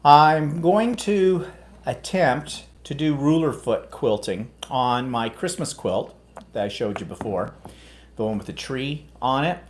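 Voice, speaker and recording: A man co-hosts a relaxed live chat, wandering from one thought to the next. He is chatty and teasing, and his voice sits in an ordinary middle pitch. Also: measured pace, a little hiss or hum. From United States. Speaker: co-host. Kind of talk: casual chat.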